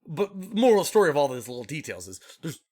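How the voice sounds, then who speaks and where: A young man co-hosting a podcast in casual chat, an animated storyteller who laughs often and acts out quotes. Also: on the high side, fast. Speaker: podcast co-host.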